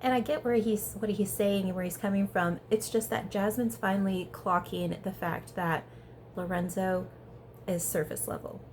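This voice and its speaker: A woman's voice: mid-range voice, normal speed, slight background noise. Chatty woman recapping reality TV. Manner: chatty, animated, heavy use of "like". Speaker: reality TV reviewer. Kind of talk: casual recap vlog.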